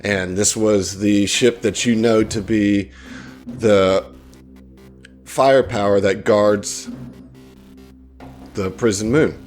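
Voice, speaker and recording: A man's voice: on the low side, steady tone, slow pace, long pauses, darkish tone, faint music behind. A man running a tabletop game as game master, hyped and casually swearing.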